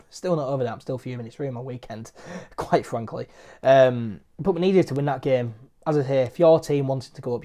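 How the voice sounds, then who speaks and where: Male fan-channel host, mellow voice, venting frustration in a match review, hammering points home. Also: medium pitch. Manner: frustrated, repeats points for emphasis.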